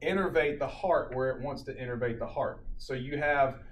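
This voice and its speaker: A man teaching a paramedic class, telling a lively story and then lecturing, recorded from across the room. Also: medium pitch, normal speed. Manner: animated storyteller, acts out loud shouted quotes. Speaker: paramedic instructor. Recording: echoey classroom from a distant mic, faint room noise.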